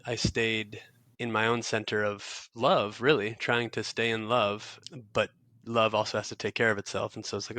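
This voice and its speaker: A man's voice: on the low side, level tone, brisk, sharp tone, no echo. A young man, a guest author, telling a reflective story in an interview, earnest and searching, with frequent restarts and fillers.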